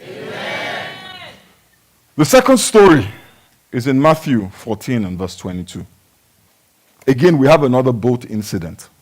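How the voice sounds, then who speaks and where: A male pastor preaching a sermon, swinging between shouted exclamations and quiet teaching, and calling on the congregation to respond. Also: medium pitch, sing-song, normal speed, long pauses.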